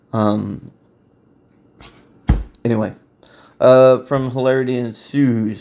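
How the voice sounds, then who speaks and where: Casting: male podcast host, gravelly fry, mid-pitched, crude, rambling, laughs a lot. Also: warm tone, lo-fi sound. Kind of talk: casual solo podcast monologue.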